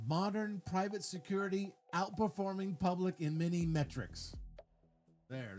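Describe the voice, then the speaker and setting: On a livestream, a man gives an argumentative political rant, reading comments aloud and rebutting them point by point. He lectures with frequent stumbling restarts, and his voice sits high and is a little mellow.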